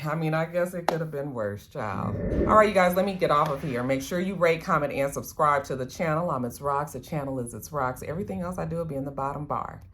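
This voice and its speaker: Woman, vlog recap, casual, blunt, profane, bright forceful voice. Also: deep voice. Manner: chatty and blunt, swears freely; acts out characters' lines. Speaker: TV recap vlogger.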